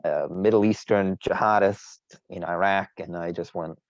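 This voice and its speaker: A very low-voiced man talks fantasy baseball on a casual podcast, bragging and teasing his friends. He rambles and restarts his sentences. The audio is dull and dry, recorded close. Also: steady tone, normal speed, no room sound. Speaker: podcast co-host. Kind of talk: casual sports chat.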